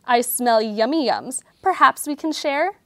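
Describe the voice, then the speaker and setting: A woman's voice: fairly high pitch, animated, a little slow, dry recording. A woman voicing a friendly grinning male badger in a storybook, cheerful and eager to share. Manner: cheerful and sharing.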